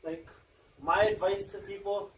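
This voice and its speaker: A man co-hosting a podcast, talking in halting, profane casual chat. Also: high voice, fairly even intonation. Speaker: podcast co-host. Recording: echoey distant mic with loud noise.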